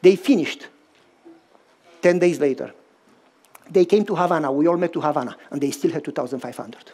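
A pastor with a Romanian accent, a non-native English speaker, preaching a sermon and telling a story with animated, acted-out dialogue. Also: male voice, fairly high pitch, breathy edge. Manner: animated, acts out dialogue in shifting voices.

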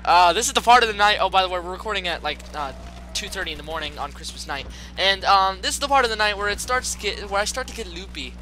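A man hosting casual gameplay commentary at home late at night, excitable, goofy and full of jokes. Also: high-pitched, quick pace, a little hiss or hum, low-quality recording. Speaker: gaming host. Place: home gaming setup at night.

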